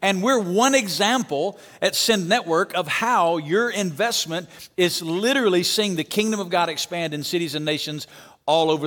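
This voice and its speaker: A man from Alabama with a Southern accent delivers a sermon as a guest pastor. His voice sits high, and the church auditorium adds a long reverb tail. He preaches with energy and prompts the crowd to call back amen. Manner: energetic, calls for amens and audience response.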